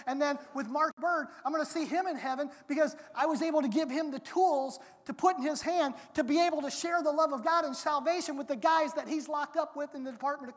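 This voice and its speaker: A high-pitched preacher delivers an emphatic sermon and at times breaks into loud, dramatic quotes. The voice rings through a large church sanctuary with a long hall reverb. The delivery is earnest and driving.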